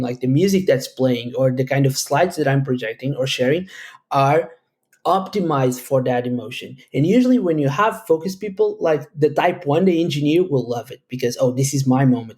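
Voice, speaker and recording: A man's voice: medium pitch, a little mellow. A man from Portugal, answering interview questions at length in a thoughtful, rambling way with frequent restarts. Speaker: guest, educator.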